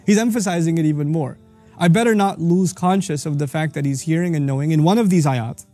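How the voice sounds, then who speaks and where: A man teaching on scripture in an energetic explanatory talk, reciting verses quickly and then explaining them. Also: fairly high pitch, faint music behind. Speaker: Quran teacher.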